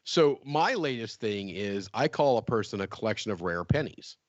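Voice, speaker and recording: A man's voice: on the low side, animated, normal speed, no echo, lo-fi sound. A man with a West Virginian accent, co-hosting a podcast in casual chat, rambling with restarts and laughter. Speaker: podcast co-host.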